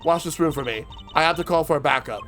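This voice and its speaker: A man reading the lines of a grumpy young woman detective in a brusque, irritable manner, close to his own fairly high voice. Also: fast, fairly bright tone, soft background music.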